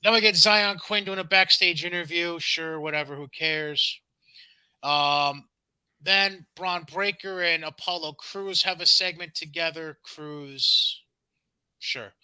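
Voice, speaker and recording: A man's voice: fairly high pitch, steady tone, slow pace, bright, forceful tone, clear, resonant tone, no echo, poor audio. A man co-hosting a podcast, casually recapping wrestling shows with sarcastic, dismissive asides and frequent ums. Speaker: podcast co-host.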